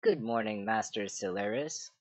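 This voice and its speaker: A man's voice: fairly low pitch, moderate pace, dry recording, lightly acted. A man doing a petulant young boy king. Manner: petulant, carefully enunciated. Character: precocious eleven-year-old boy king, petulant.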